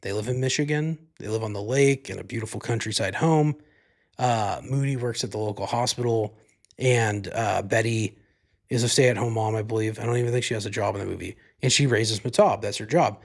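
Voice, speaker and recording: A man's voice: on the low side, brisk, creaky. A man hosting a podcast, giving a casual movie review in a rambling, profane way, full of "like" and "you know". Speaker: podcast host.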